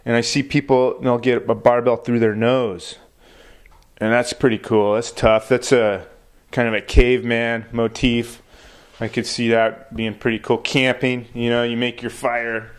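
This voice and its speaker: A man's voice: mid-range voice, little pitch movement, unhurried. A man delivers a rambling stand-up bit. He swears freely and talks in a loose, laid-back way. The delivery sounds offhand rather than polished. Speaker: comedian.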